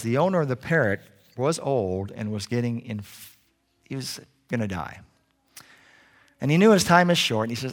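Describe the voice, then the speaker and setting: Lively preacher man telling a story. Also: mid-range voice. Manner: animated storyteller doing voices. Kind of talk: sermon storytelling.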